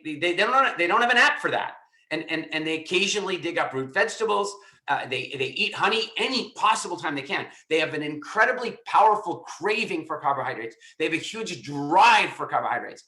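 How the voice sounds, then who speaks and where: Bright-voiced emphatic man in his fifties. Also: a little high, lively intonation, moderate pace, echoey room. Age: 50s. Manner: emphatic, with frequent stammered word repeats. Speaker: coach hosting a group call. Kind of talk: informal teaching talk.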